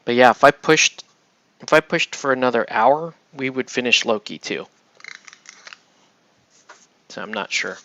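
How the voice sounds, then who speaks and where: A man talks casually to his stream viewers while he paints, rambling and poking fun at himself. His voice has a gravelly, bright edge. The sound is dry and close, with no room around it. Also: mid-range voice, expressive, a little slow, long pauses, no echo, muffled recording. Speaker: miniature painter streaming live.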